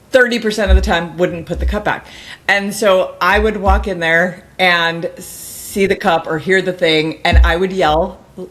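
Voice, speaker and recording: A middle-aged woman, a guest author, telling a story in a casual interview, rambling with many restarts and bursting into lively mimicked voices. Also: on the low side.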